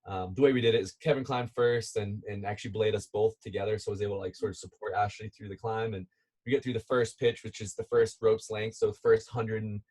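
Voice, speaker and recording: A man telling a long outdoor story as a podcast guest, relaxed and chatty, laughing now and then. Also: on the low side, quick pace, slightly rough. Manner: animated, laughing as he tells a climbing story. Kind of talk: casual storytelling.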